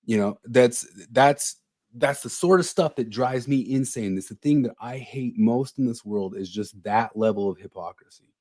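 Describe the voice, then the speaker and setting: A man's voice: medium pitch, normal speed, darkish tone. A man co-hosting a podcast, talking bluntly in casual chat and often repeating his words. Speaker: podcast co-host.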